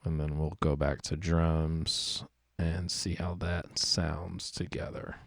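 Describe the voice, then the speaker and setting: A man explaining music production in a relaxed, conversational tutorial, leaning often on "kinda" as he talks through his decisions. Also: very deep voice, takes it slowly, gravelly. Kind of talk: screen-recorded production tutorial.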